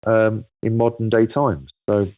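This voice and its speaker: A man's voice: lowish voice, level tone, unhurried, dry recording, phone-quality sound. A man, a guest expert in a casual interview, explaining patiently at length with frequent ums and restarts.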